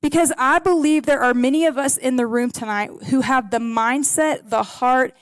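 High-voiced woman preaching a sermon. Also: moderate pace, no echo. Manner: earnest, storytelling, prays softly. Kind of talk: sermon to a congregation. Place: in a room with a gathered audience.

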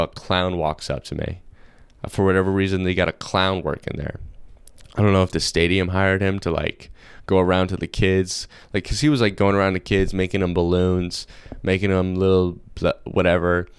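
Deep-voiced young man, rambling. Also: clean tone, dry recording. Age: young adult. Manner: rambling, slangy, full of fillers. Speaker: podcast host. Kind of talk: casual solo podcast chat.

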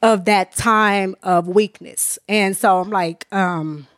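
A woman tells her faith story on a podcast, earnest and open and often close to tears. She talks in loose, conversational bursts full of restarts and "you know." Her voice sits at a middle pitch and sounds dry and close to the mic. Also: fairly even intonation, takes it slowly, no room sound. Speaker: author and minister, podcast guest. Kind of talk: candid personal testimony in conversation.

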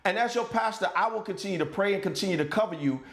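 A male pastor preaches with fervor, and his voice sits high for a man. He climbs to ringing shouts and then drops low and quiet. The sound carries the echo of a church room. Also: fast. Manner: impassioned preaching, rising to shouts and dropping low. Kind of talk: sermon.

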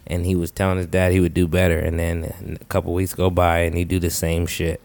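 A man in casual chat, explaining his point in a measured way. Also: sits low, completely flat delivery, creaky, a little mellow.

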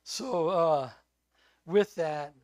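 An older man with a notably high voice preaches as a guest speaker. He tells personal stories and acts out the quoted lines loudly. The sound is close and dry, with no room echo. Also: extremely slow. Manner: animated storyteller who acts out loud quoted lines. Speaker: visiting preacher. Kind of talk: sermon with personal storytelling.

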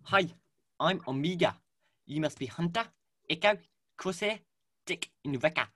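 A man's voice: on the high side, lively intonation, normal speed, fairly bright tone, pitched above the performer's own voice. A man doing a voice of a young, cheerful girl clone with a New Zealand accent.

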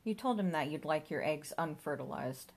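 A woman voicing a puzzled young man who is confused and questioning, with lively pitch. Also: moderate pace, vocal fry, exaggerated voice. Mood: bewildered. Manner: bewildered, questioning.

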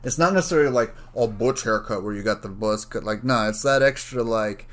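A man with a slightly low voice talks alone on his podcast, drifting from one idea to the next. He swears freely, piles on filler words and figures things out as he goes. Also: brisk. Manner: rambling, profane, thinks out loud. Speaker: podcast host. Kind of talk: casual solo podcast rambling.

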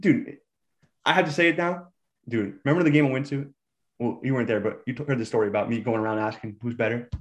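A man's voice: medium pitch, fairly even intonation, fast talker. A young man co-hosting a sports podcast, a hyped, trash-talking fan in casual chat. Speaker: podcast co-host.

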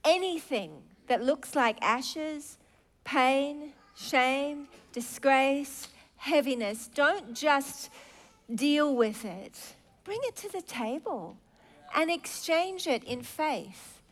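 A middle-aged woman preaching a sermon, expressive, swinging from soft, low asides to loud, exclaiming lines. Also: extremely slow.

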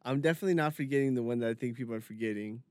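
A man's voice: medium pitch, rapid-fire, clear, resonant tone, no room sound. A young man chatting casually with a friend, easygoing and calling him bro. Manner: relaxed, chatty, says bro and dude. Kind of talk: casual chat.

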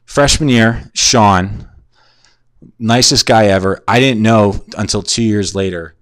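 Rambling low-voiced crude storyteller man. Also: takes it slowly, no echo, clean studio sound. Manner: crude, profane, digressive, self-mocking. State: drunk and concussed. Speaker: podcast host. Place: at home in a shared house.

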